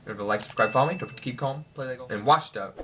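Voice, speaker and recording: A young man rambling excitedly through a casual spoiler review of a TV show. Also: medium pitch, rapid-fire, slight background noise.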